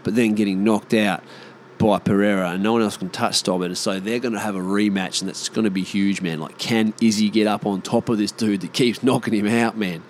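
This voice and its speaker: An Australian man in casual monologue, rambling and swearing, often animated. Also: on the low side, fairly quick, slight background noise.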